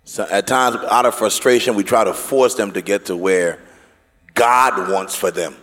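A man moderating a church panel discussion, animated and joking, with an audience listening. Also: on the low side, unhurried, long reverb tail. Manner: animated, joking, mimics accents for laughs.

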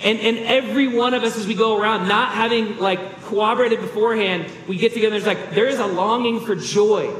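A man's voice: high-pitched, fairly quick, few pauses, fairly bright tone, reverberant, in a large hall, slight background noise, low-quality recording. A man preaching a sermon as a pastor, earnest and emphatic, with rhetorical questions.

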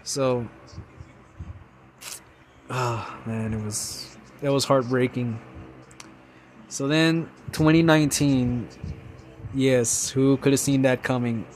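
A young man hosts a loose, rambling chat with a mid-pitched voice, easily excited and full of fillers and stops. There is a faint hiss of noise behind him. He sounds like a fan talking off the cuff. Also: slow pace, pauses often. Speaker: podcast host. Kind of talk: casual rambling monologue.

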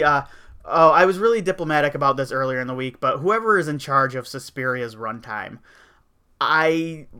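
Brief: male podcast host, bright and smooth voice, rambling wry rants. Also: mid-range voice. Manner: rambling, wry complaining with frequent fillers. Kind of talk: casual opinion chat.

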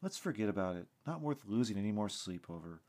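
A man's voice: on the low side, sing-song, fast talker, a little mellow. A man voicing a sarcastic young woman. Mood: conceding. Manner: sarcastic, disbelieving. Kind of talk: storybook narration with character voices.

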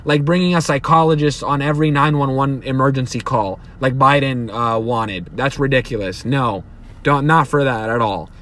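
A man's voice: mid-range voice, normal speed, a bit bright. A young man hosting a podcast, giving a heated, profane, rambling monologue full of restarts. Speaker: podcast host. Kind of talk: opinionated solo podcast monologue.

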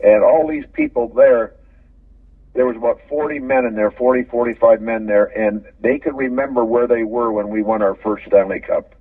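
An older Canadian former hockey player in a casual interview, rambling through stories, repeating words and chuckling. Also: male voice, mid-range voice, normal speed, no echo. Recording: phone-line audio from a distance.

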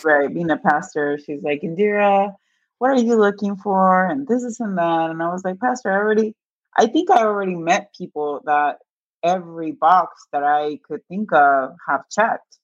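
The recording is dry, dull, and lo-fi as a woman, a guest, shares a personal story with candor. Her fairly low voice moves at a moderate pace, and she animatedly imitates the people she quotes, laughing along.

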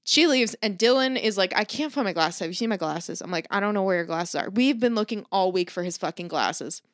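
A woman's voice: medium pitch, animated, brisk, no echo, studio quality. A woman casually telling a long story in a podcast chat, swearing freely and mimicking the people she quotes. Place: Los Angeles area.

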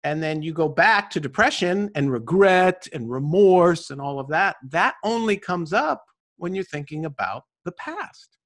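A male guest in an interview who delivers life advice with a coach's energy, leaning on constant rhetorical "right?" checks. His voice sits a little higher than most men's. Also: a little slow. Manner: energetic, preachy, tag questions. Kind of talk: motivational conversation.

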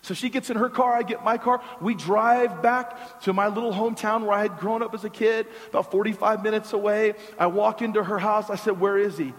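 High-voiced pastor preaching in a reverberant hall. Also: male voice, fairly even intonation, brisk, hardly any pauses. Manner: conversational, with joking asides and repeated words. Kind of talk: storytelling sermon. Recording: long reverb of a large hall.

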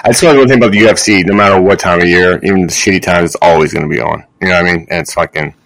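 A man's voice: sits low, very fast, creaky, a bit bright, no echo, poor audio. A young man co-hosting a podcast, chatting in a laid-back way with lots of swearing. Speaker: podcast co-host. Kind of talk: casual sports chat.

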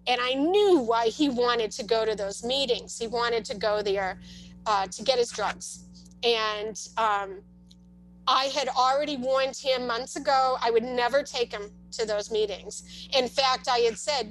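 A woman's voice: a little high, steady tone, measured pace, fairly bright tone, low-quality recording. A woman telling a long personal story as a parent, in casual talk with many restarts and asides. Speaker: parent sharing her experience.

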